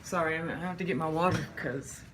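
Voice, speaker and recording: Hoarse woman chatting on a live stream. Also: fast talker, background noise. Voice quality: low, husky from strain. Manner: chatty, greets viewers by name. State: hoarse, losing her voice. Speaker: vlogger greeting live chat. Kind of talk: casual live-stream chat.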